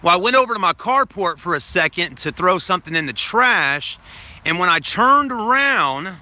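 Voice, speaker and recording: A man's voice: high-pitched, lively intonation, moderate pace, sharp tone, a little hiss or hum. A man telling a story to his live stream viewers in a casual, rambling way, repeating himself, swearing now and then, and addressing them as folks.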